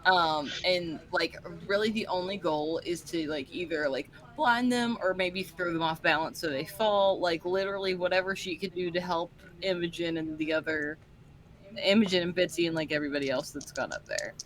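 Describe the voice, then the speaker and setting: A woman's voice: fairly low pitch, normal speed, a bit bright. A woman playing a tabletop game, talking in a chatty, upbeat way. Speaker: player. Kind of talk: casual tabletop play.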